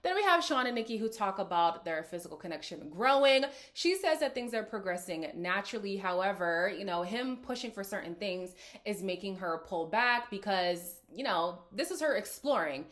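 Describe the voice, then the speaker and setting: A woman's voice: mid-range voice, lively intonation, moderate pace, hardly any pauses, fairly bright tone. Sassy woman recapping reality TV. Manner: sassy, laughing, talks straight to viewers. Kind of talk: casual reaction commentary.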